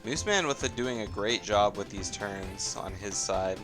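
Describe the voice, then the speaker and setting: Laid-back low-voiced male race caster. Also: a little slow. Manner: chatty, laid-back, trails off with fillers. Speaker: tournament caster. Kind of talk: live esports play-by-play commentary. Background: soft game music.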